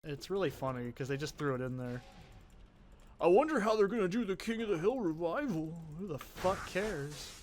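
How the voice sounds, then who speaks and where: A man's voice: fairly high pitch, animated, moderate pace, a little mellow, soft background music. A young man giving casual, rambling gameplay commentary, offhand and full of swearing. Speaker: let's play host.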